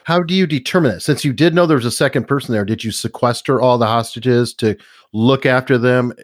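A man's voice: mid-range voice, fairly quick. A male interviewer who mostly gives short acknowledgements and asks probing follow-up questions.

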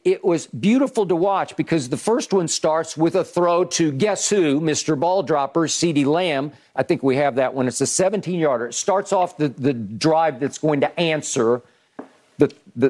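A man's voice: on the high side, moderate pace. A man hosting a sports debate show, recounting plays emphatically with frequent restarts. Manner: animated, restarts often, emphatic play-by-play recounting.

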